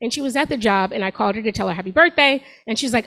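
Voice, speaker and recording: A woman's voice: on the high side, very fast, fairly bright tone, low-quality recording. A woman in her forties doing a stand-up set on a comedy club stage, talking to the crowd in a sassy, conversational way. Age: 40s.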